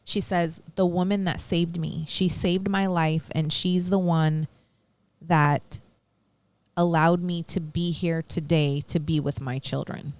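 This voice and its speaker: A woman with a fairly low voice recounts a true-crime case in easygoing chat, slipping into the voices of the people she quotes. Her delivery is animated and blunt, with casual swearing. The sound is close and dry, with no room around it. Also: takes it slowly, no room sound. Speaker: podcast co-host.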